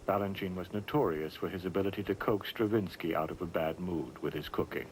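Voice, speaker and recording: A man reading scripted documentary narration in a measured, even way. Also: low voice, a little hiss or hum, poor audio. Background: music.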